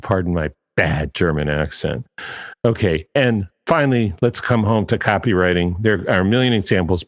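Low-voiced chatty male podcast host. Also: in a large hall. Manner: chatty, digressive, self-deprecating. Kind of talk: casual podcast monologue.

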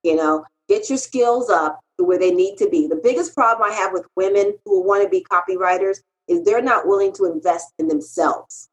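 A woman's voice: normal speed, few pauses, poor audio. A middle-aged woman, a freelance copywriter, telling stories in an interview in a candid, emphatic way. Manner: animated, emphatic, pitch jumps when quoting herself.

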